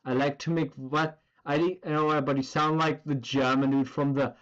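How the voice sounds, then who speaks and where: A man's voice: fairly high pitch, steady tone, normal speed, muffled recording. A man chatting casually on a drawing stream, rambling and swearing as he goes. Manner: rambling and profane, full of filler words.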